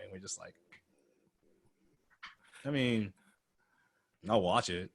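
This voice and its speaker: A man's voice: medium pitch, a little fast, pauses often, a bit bright, no echo. A young man hosting a podcast in loose, profane casual chat, laughing often. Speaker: podcast host.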